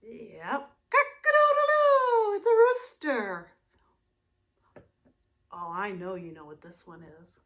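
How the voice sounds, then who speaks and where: A woman teaching young children about farm animals in a sing-song, animated way, imitating the animal sounds and sometimes dropping to a hushed whisper. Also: medium pitch. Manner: drops to a hushed, breathy whisper at times. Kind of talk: children's video lesson.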